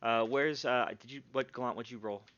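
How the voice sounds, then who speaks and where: A man narrating and refereeing a tabletop game on a live stream, talking in a relaxed, halting way with plenty of fillers. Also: medium pitch, dry recording. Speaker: game master. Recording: dull, lo-fi stream audio.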